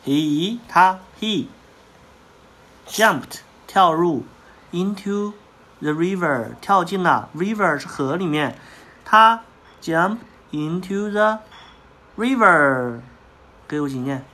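A woman reading a picture book with a child, saying each word slowly and patiently so the child can repeat it. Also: fairly low pitch, animated, a bit bright. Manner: slow, patient, models each word for repetition. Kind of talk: bilingual storybook reading lesson, call and repeat.

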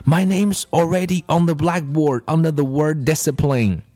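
A man's voice: on the high side, moderate pace, warm tone, no room sound, voice pushed up, close to an everyday voice. A man voicing an anxious, hesitant schoolboy in a storybook reading. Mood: torn. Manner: pleading, hesitant. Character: anxious schoolboy tempted and torn.

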